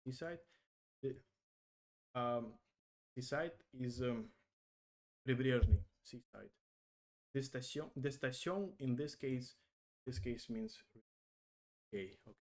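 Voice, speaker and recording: Halting man translating French aloud. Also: medium pitch. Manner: halting, hesitant, many fillers and self-corrections. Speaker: language learner vlogger.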